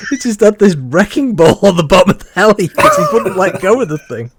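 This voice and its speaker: A man's voice: high voice, fairly quick, a little hiss or hum. A man, a regular of the stream, telling stories in casual group chat and laughing often. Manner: animated storyteller, laughs often.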